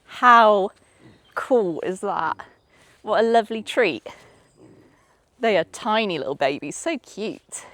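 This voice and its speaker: A woman's voice: medium pitch, expressive, takes it slowly, long pauses, fairly bright tone. A woman vlogging casually while cycling through a forest, chatting away and cooing at animals she meets. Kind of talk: casual chat while riding. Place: outdoors in a forest on a bike.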